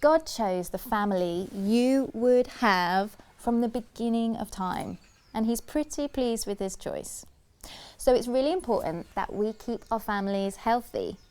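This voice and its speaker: A woman presenting a scripted children's church talk, asking questions gently and repeating key phrases in rhythm. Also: a little high. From United Kingdom.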